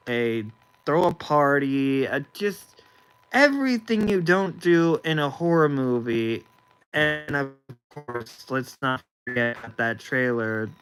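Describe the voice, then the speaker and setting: A young male livestream host chats casually in a medium-pitched, fairly bright voice that is clear and resonant, though the recording is low quality. His talk rambles in a stop-start way, with frequent restarts of his sentences.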